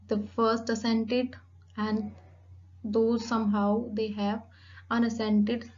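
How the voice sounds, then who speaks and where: A woman giving a phonetics lecture, slowly repeating each example word. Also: fairly high pitch, a little mellow. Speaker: English teacher. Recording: dull lo-fi recording.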